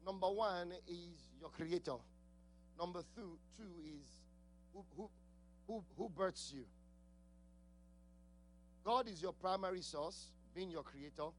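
High-voiced accented preacher, laughing often. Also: male voice, slow, pauses often, soft background music. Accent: non-native English accent. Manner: laughs often, talks to the congregation, repeats key words. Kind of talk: sermon.

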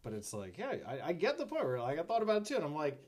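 A man in his thirties co-hosts a casual podcast. He talks fast, and his pitch swings high and low. He reacts quickly and keeps jumping in. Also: huge pitch swings, darkish tone. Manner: quick, chatty reactor who jumps in often. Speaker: podcast co-host. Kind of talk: casual chat.

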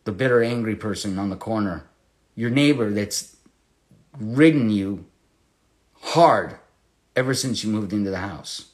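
A man teaching verse by verse through a Bible passage, impassioned and conversational, rising to loud emphasis and dropping to hushed storytelling. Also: lowish voice, a little slow, pauses often.

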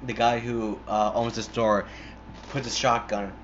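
A man's voice: mid-range voice, level tone, unhurried, lo-fi sound, a little hiss or hum. A young man casually retelling a film, rambling with constant swearing, fillers and restarts.

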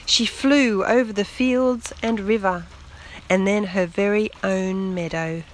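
A woman reading a children's story aloud in a slow, gentle, expressive way. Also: medium pitch, low-quality recording. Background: rain on the roof.

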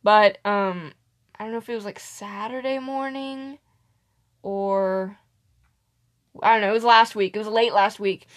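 A young woman with a medium-pitched voice speaks at a measured pace, pausing often, while co-hosting a casual podcast. She tells lively workplace stories, performs her customers' lines and laughs frequently.

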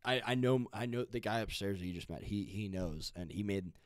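A man's voice: on the low side, brisk, clean tone, dry recording, clean studio sound. A young man hosting a podcast, chatting casually and rambling with lots of fillers and restarts. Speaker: podcast host. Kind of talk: casual chat.

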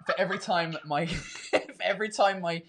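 Stammering, swearing live-stream host. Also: male voice, high-pitched, moderate pace, noisy background. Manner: repeats words when starting, swears casually. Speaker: podcast host. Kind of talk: casual live-stream chat.

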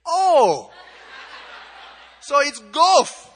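A woman's voice: high voice, very animated, very slow, slight background noise, voice pushed up, exaggerated voice. A man putting on a brusque, impatient Kenyan woman who runs a Bible camp, mocking a spelling in a live sermon. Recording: long hall reverb.

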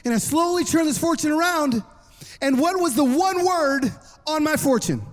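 A man in his thirties preaching a sermon to a congregation, telling a lively personal story with jokes. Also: very high voice, moderate pace. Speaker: worship pastor. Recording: long reverb of a large hall.

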